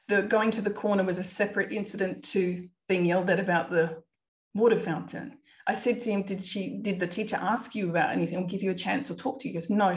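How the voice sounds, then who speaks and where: A woman in her thirties hosting a podcast, earnestly retelling a distressing family episode with quoted dialogue. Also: mid-range voice. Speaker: podcast host and parent. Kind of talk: personal storytelling monologue.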